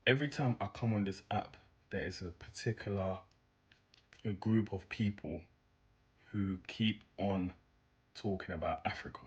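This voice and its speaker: A man's voice: deep voice, breathy edge. A man delivering a mocking, sarcastic social media rant in a dull lo-fi recording. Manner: sarcastic, incredulous. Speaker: commentator.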